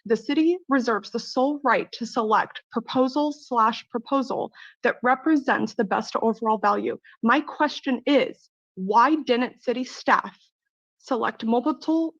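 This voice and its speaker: A woman's voice: a little high, a bit bright, no echo, muffled recording. A woman giving an earnest, emotional public comment at a city council meeting, reading out prepared remarks.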